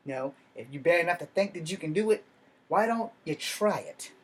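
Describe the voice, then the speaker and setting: A man's voice: a little high, lively intonation, fairly quick, fairly bright tone, husky. Blunt, swearing man ranting to camera. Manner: blunt, combative, heavy swearing. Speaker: vlogger. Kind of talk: profane ranting monologue.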